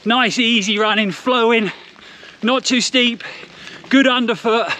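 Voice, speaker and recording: A man's voice: very high voice, a little slow, pushed and bright, slight background noise. A man recording an upbeat, chatty vlog outdoors on mountain trails as he runs a race. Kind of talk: on-the-run vlog commentary.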